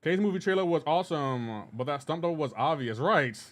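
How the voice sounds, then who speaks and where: A man's voice: on the high side, animated, fairly quick. A man live streaming a game, chatting casually and answering viewers' messages while he plays. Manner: laid-back, reads chat messages aloud and answers them; rambling with frequent restarts and asides to gameplay. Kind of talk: casual gaming livestream chat.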